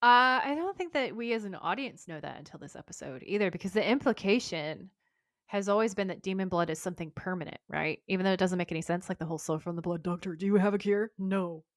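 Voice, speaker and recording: A woman's voice: mid-range voice, animated, fast talker, no room sound, studio quality. A woman co-hosting a podcast, animatedly retelling a TV episode in casual chat and swearing freely. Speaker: podcast co-host.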